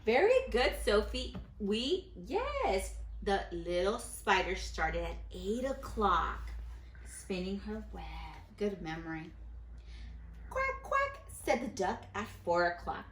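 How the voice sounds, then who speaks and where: Lively woman teacher reading to a class. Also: mid-range voice, echoey room, a little hiss or hum. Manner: animated storyteller who pauses to quiz children. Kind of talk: reading a picture book aloud to a class.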